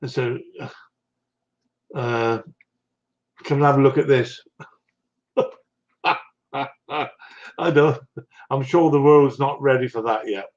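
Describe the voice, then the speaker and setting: A man's voice: mid-range voice, steady tone, slow, pauses often, a little mellow. Chatty West Country man, dull lo-fi audio. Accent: West Country English. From South West England. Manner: rambling, chatty, answers viewers' comments with laughs. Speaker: live streamer. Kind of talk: casual live-stream chat.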